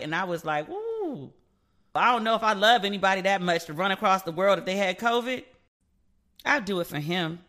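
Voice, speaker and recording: A man's voice: sits high, fairly bright tone. A man hosting a casual solo podcast, talking candidly, swearing freely and acting out both sides of past conversations. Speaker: podcast host; relationship advice podcaster.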